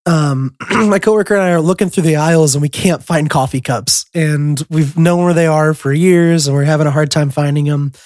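A young man co-hosting a podcast, rambling through a casual story with lots of ums, throat-clearing and chuckles. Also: on the high side, fairly even intonation, normal speed, few pauses, darkish tone, dry recording, clean studio sound. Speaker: podcast co-host.

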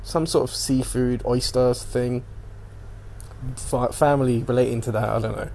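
A man's voice: mid-range voice, fairly even intonation, normal speed, vocal fry, a little mellow, a little hiss or hum. A man hosting a casual solo podcast, rambling and swearing as he animatedly retells what he watched on TV. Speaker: podcast host.

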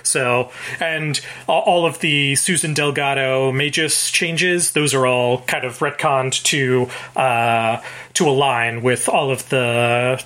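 A man's voice: mid-range voice, steady tone, slow, pushed and bright. A man co-hosting a casual book podcast, explaining background details with plenty of fillers. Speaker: podcast co-host. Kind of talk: casual book-club chat.

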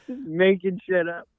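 A man's voice: medium pitch, no room sound. A man co-hosting a casual comedy podcast, giggly and playful. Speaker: podcast co-host. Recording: tinny phone-line sound.

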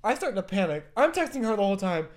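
A young woman hosting a casual chat, telling stories in an animated way and swearing freely. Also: medium pitch, quick pace. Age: young adult. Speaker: podcast host.

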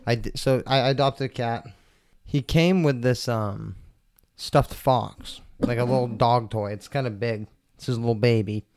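A stoned man hosts his podcast from a table at home, talking in a loose, rambling, foul-mouthed way. His mid-pitched voice comes through smooth and resonant, close and dry with no room sound around it. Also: normal speed, a little mellow, no room sound. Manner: rambling, profane, laid-back. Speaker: podcast host. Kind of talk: casual solo podcast chat. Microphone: table mics.

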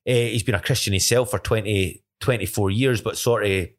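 A man's voice: on the low side, fairly even intonation, brisk. Rambling Scottish man sharing faith stories. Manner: rambling, many restarts and self-corrections. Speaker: podcast co-host. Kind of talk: casual faith testimony chat.

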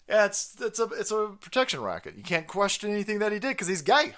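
A man hosting a livestream, ranting in a profane, sarcastic, mocking way with sudden loud outbursts. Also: high-pitched, animated, moderate pace, clear, resonant tone. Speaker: livestream commentator. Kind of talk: profane political rant.

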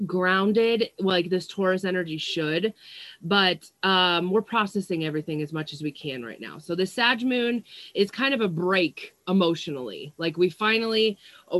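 A young psychic medium and astrology vlogger rambles through a casual livestream chat, swearing often between fillers and using an earphone mic. She's in a small, stuffy room at home where fans are running. Her pitch is fairly low, her tone fairly bright, and the recording is dry.

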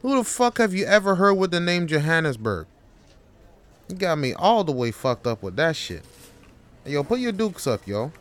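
A man's voice: mid-range voice, animated, normal speed, close to an everyday voice. A man voicing an overworked male office clerk who pleads with his boss and then turns profane and combative. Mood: furious.

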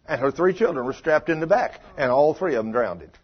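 An older preacher delivers a sermon in a husky, homespun voice. He tells stories and swings from loud declarations to hushed asides. The recording is muffled and lo-fi. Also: fairly high pitch, animated, brisk. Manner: folksy, storytelling, swings between loud and hushed.

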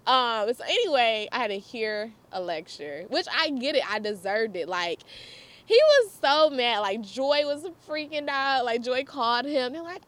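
Animated young woman telling a story. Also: a little high, unhurried. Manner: animated, laughs often, chatty asides to viewers. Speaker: vlogger. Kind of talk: casual storytelling.

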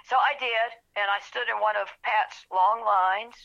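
Brief: woman guest, animated storyteller, bright gravelly voice, lo-fi sound. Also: medium pitch, unhurried. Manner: animated storyteller, acts out quotes. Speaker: author guest. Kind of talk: storytelling interview. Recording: dull lo-fi phone-like audio.

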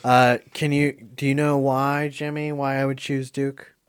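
A man hosting a casual movie quiz podcast, chatty and quick to laugh. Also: mid-range voice, level tone, smooth, no room sound, clean studio sound. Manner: chatty, laughs often, gushing. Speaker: quiz host. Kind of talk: casual podcast game chat.

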